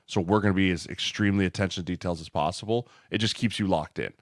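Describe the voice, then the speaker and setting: A man with a very low, deep voice talks through his points in a casual podcast chat, steady and earnest. He checks in with the listener as he goes, and the sound is dry and close, with no room around it. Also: fast, no room sound. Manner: earnest, explanatory, tags lines with "right?". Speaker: podcast co-host, former offensive lineman.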